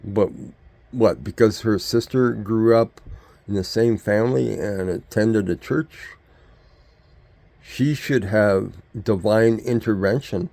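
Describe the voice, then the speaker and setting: An older man talks into his vlog in a low, gravelly voice. He rambles from point to point and keeps firing off rhetorical questions. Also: slow pace, warm tone, no echo. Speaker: vlogger. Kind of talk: rambling opinion monologue.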